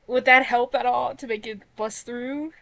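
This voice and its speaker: A woman's voice: on the high side, steady tone, normal speed, vocal fry, a bit bright, slight background noise. A woman playing a tabletop game, chatty and playful, often restarting her sentences. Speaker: player. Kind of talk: casual play at a tabletop game.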